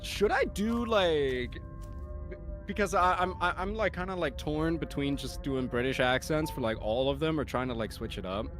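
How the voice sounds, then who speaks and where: Guest streamer, stammering, lively pitch. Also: moderate pace, faint music behind. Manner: hesitant, stammering, giggly. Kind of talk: casual chat.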